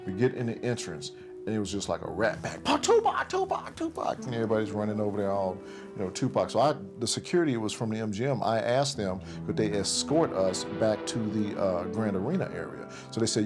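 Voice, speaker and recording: A man casually recounting a night's events, switching to others' voices as he quotes them. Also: on the low side. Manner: recounts events in present tense, voicing others' lines. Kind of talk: casual storytelling. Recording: clear music bed under voice.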